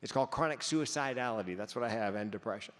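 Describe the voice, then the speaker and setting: A man's voice: on the low side, fast talker. A man giving a keynote speech, telling stories with comic timing and sometimes stumbling over repeated words. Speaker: keynote speaker. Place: conference hall. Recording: long hall reverb.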